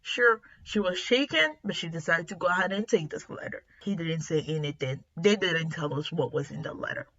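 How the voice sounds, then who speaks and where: A woman casually recapping a comic story as a reviewer, retelling it in an animated, emphatic way. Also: on the low side, moderate pace, few pauses, highs cut off. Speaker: webtoon reviewer.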